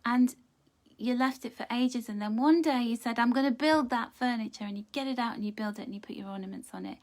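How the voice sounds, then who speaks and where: A woman's voice: fairly high pitch, fast. Encouraging woman doing a card reading. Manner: gentle, encouraging, chatty, greets viewers by name. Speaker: angel card reader. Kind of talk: live pick-a-card reading.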